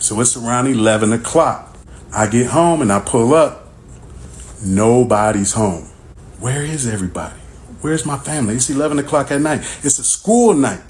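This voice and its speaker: A man telling a personal story in a casual, animated and exasperated way. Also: medium pitch.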